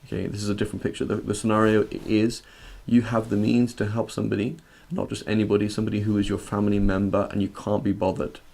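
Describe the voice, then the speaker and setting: A low-pitched man with a gravelly, creaky edge teaches an informal religious lesson. He reads passages in classical Arabic, translates them, and unpacks their meaning conversationally. He often checks in with his listeners. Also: flat delivery, fast, few pauses, darkish tone. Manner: reads Arabic text, then translates and explains it. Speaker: Islamic teacher.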